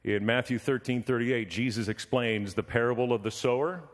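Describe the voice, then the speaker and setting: A man's voice: medium pitch, moderate pace, in a large hall. A man preaching a sermon, telling a story and acting out the voices in it. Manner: animated, acts out voices in his story.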